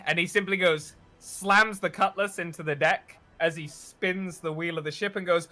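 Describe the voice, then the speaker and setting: Bright-voiced male game master narrating. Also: sits high, fairly even intonation, normal speed, few pauses. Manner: vivid descriptive narration with many "uh" fillers.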